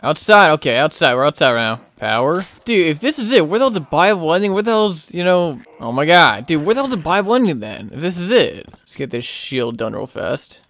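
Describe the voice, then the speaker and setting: A young man giving casual gameplay commentary for his channel. His voice sits a bit high and swings widely in pitch. He gets excitable and yells in frustration when things go wrong. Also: a little fast, hardly any pauses. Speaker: gaming channel host.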